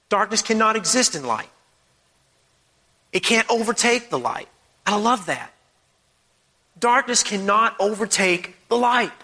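A man's voice: high-pitched, bright, forceful tone, big-room sound. A man preaching a sermon, emphatic and repetitive, who fires off strings of rhetorical questions.

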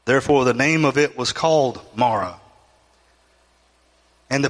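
In a big, resonant room, a pastor with a mid-range voice preaches unhurriedly, leaving long pauses. He reads scripture and mimics the people's complaints, his pleas growing more emotional.

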